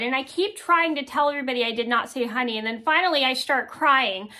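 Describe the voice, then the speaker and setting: A woman in her thirties tells a story from her past, talking casually with lots of ums and restarts. Her voice sits a little high and comes across bright. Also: a little fast, few pauses. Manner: rambling, many ums and restarts. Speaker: vlogger.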